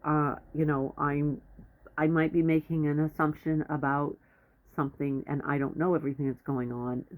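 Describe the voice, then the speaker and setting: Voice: medium pitch, level tone, normal speed. A speaker giving blunt, rambling advice in a casual monologue, often stopping mid-sentence to restart. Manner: rambling, self-interrupting, blunt. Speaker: advice vlogger. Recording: tinny phone-like audio.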